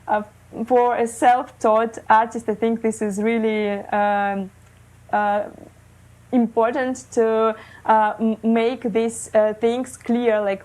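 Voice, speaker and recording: A woman in her thirties from Russia, speaking English as a second language, telling her story in an interview with many fillers and pauses. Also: fairly high pitch, darkish tone, low-quality recording. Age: 30s. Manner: hesitant, many fillers, non-native phrasing. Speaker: guest, illustrator. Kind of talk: casual interview talk. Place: living in Germany.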